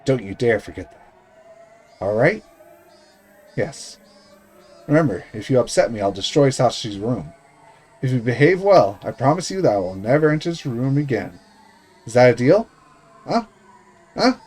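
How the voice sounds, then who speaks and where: A man's voice: a little high, big pitch swings, moderate pace, a little mellow, pitched above the performer's own voice. A man voicing a hostile, bullying middle-aged uncle who snaps and threatens. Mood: menacing hiss. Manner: rude, hostile, menacing.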